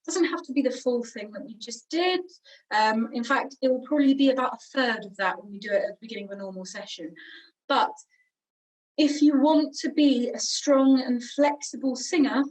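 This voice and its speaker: A woman's voice: on the high side, normal speed, distant mic, poor audio. A young woman teaching singing, chatty and encouraging, demonstrating each sound. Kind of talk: online vocal warm-up lesson.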